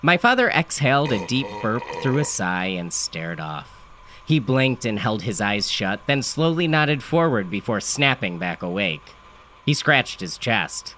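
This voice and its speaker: A man's voice: mid-range voice, big pitch swings, unhurried, sharp tone, slight background noise. A man narrating a comic story in a dry, matter-of-fact first-person delivery.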